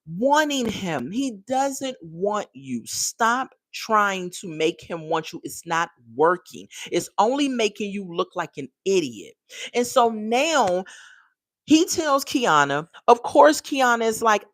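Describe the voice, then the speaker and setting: A woman's voice: mid-range voice, sing-song, normal speed, no echo. Sassy lady ranting through a tv recap, voice swings all over, dry close sound. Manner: sassy, exasperated, talks straight to viewers. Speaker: TV show reviewer. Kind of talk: casual video review.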